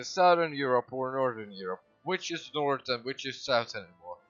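Excitable swearing man streaming a game. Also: medium pitch, normal speed, hardly any pauses, no echo, dull audio, soft background music. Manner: excitable, swears, sudden loud outbursts. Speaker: gaming livestreamer. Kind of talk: casual gameplay commentary.

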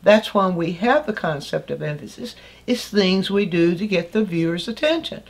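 Older woman teaching art, chatty and unhurried. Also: fairly low pitch, lively intonation, gravelly. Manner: thoughtful, conversational with many fillers and restarts. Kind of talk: casual art lesson.

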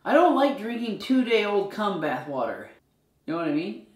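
A woman's voice: mid-range voice, very animated, moderate pace, darkish tone, roomy sound. A woman co-hosting a casual beer review, playful and teasing, trading crude jokes.

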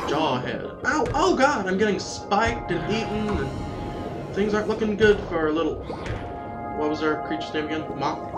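A man giving casual, rambling gameplay commentary as a let's-play host, yelping excitedly whenever his creature gets attacked. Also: a little high. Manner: chatty, rambling, excitable yelps when attacked. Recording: roomy, distant mic, game music behind. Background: game music.

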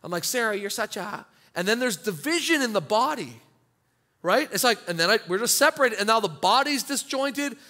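A young man preaching a sermon as pastor, casual and animated, often acting out the voices of churchgoers. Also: sits high, a little fast. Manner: animated, acts out congregants' inner voices.

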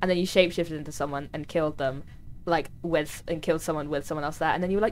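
A woman streaming a game, chatting casually with her viewers and teammates. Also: fast. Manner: chatty, talks to chat, voice jumps high when touched. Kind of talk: casual gaming livestream chat.

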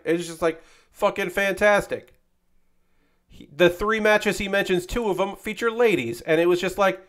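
A streamer with a high, fairly bright voice chats casually on his livestream at a moderate pace, rambling and swearing freely. He's enthusiastic about wrestling, restarts often, uses lots of fillers and animatedly acts out quotes.

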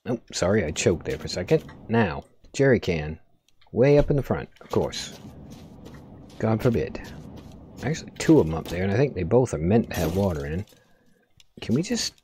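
An excitable man commentating a video game in a lower, mellow voice. His pitch swings widely as he swears and scolds the game's objects. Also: slight background noise. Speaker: gaming video host. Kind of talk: let's play commentary.

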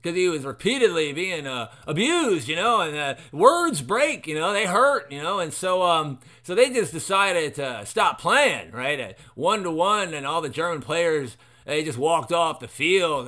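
A man's voice: fairly high pitch, bright, forceful tone. A man hosting a talk show, rambling sarcastically with many fillers while reading from an article. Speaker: podcast host. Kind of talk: sarcastic solo commentary. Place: at his computer reading an article.

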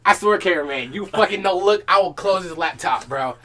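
A young man reacting to a video on a stream, talking casually with slang and swearing, loud and excitable. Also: high voice, brisk.

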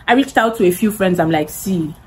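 A woman's voice: medium pitch, lively intonation, quick pace, a little hiss or hum, rough recording. A young woman with a Nigerian accent telling a dramatic story-time vlog, full of repetition for emphasis. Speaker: vlogger.

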